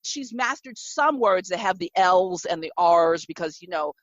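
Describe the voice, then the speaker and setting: A woman with a Midwestern American accent hosting a casual chat, telling stories in an animated way with many fillers. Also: fairly low pitch, normal speed, no room sound, lo-fi sound. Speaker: podcast host.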